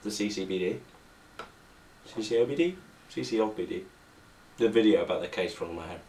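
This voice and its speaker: A young man bantering with a friend behind the scenes of a homemade video, deadpan and rambling, with mock-pompous asides. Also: lowish voice, brisk. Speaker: video maker. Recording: distant mic with faint background noise.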